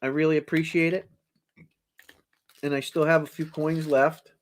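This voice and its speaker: A middle-aged man hosts a coin auction in a voice on the high side with little pitch movement, speaking at normal speed over slight background noise. He tells rambling anecdotes to the live audience, chuckling as he goes, in a casual storytelling style.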